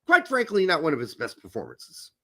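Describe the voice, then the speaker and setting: A man's voice: on the high side, huge pitch swings, a little fast, vocal fry, sharp tone. A man hosting a casual sports talk show, ranting in a heated, profane way. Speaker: podcast host.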